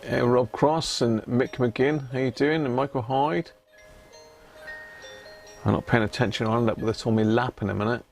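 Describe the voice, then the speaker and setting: Man, mid pitch, casual workshop livestream host, rambling and self-amused, soft music underneath. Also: fairly even intonation, moderate pace, gravelly, long pauses. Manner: chatty, laughs at himself, trails off with ums. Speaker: radio restoration livestream host. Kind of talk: casual live-stream chat. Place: home workshop.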